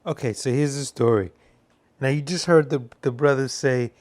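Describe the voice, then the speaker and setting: A man's voice: mid-range voice, moderate pace, a little mellow, dry recording. A man giving casual film commentary, telling rambling, profane stories.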